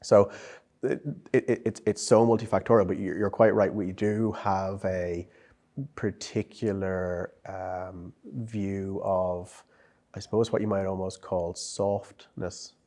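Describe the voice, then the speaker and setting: A man's voice: deep voice, flat delivery, takes it slowly, mellow. An Irish man, a psychologist and psychotherapist, talking through ideas in a conversational interview, often repeating words as he thinks. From Ireland. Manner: thoughtful, with frequent repetitions and restarts.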